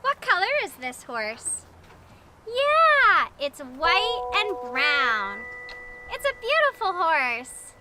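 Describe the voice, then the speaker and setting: Woman toddler host, very high bright voice, slow exaggerated delivery, music behind. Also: huge pitch swings, heavy background noise. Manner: slow, exaggerated, sing-song. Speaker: children's show host. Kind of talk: toddler teaching.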